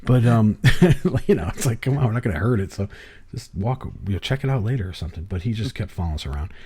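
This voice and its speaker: Man from the US East Coast, middle-aged, deep mellow voice, podcast host with loose, profane storytelling. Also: expressive, fast, slightly rough. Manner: rambling storyteller, swears, laughs often. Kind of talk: casual chat.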